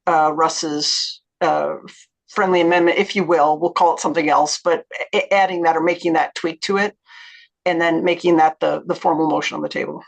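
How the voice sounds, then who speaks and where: A woman's voice: low-pitched, steady tone, normal speed, creaky. A woman board member in a virtual meeting, speaking on procedure with light humor.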